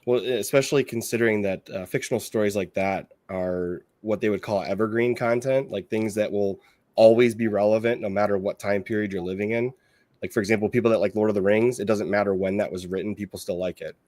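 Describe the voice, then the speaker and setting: A man hosting a podcast, talking in a relaxed, chatty way with his guest. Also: lowish voice, fast, no echo, clean studio sound. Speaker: podcast host. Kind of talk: casual podcast conversation.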